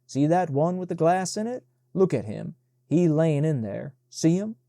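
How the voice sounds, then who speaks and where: A man's voice: a little high, lively intonation, normal speed, warm tone, dry recording, clean studio sound, pitched above the performer's own voice. A man doing a coaxing teenage servant boy. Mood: coaxing, hushed.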